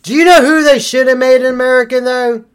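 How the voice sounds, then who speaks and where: A young man hosting a casual chat, loud and joking, swearing freely. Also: very high voice, steady tone, quick pace, smooth. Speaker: host.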